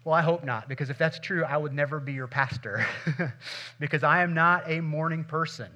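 A man's voice: on the high side, moderate pace, pushed and bright. A middle-aged male pastor preaching a sermon in a conversational, humorous way, acting out little scenes.

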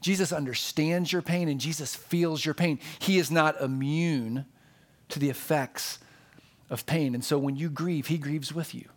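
Pastor, male, a touch higher-pitched; earnest, conversational sermon delivery with emphatic repeats. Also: unhurried.

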